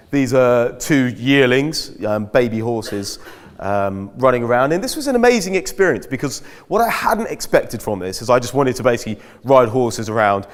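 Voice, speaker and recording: A man, giving a chatty, self-mocking talk as a guest speaker at a school. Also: mid-range voice. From Britain. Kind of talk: anecdotal talk to an audience. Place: school hall. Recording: echoey hall.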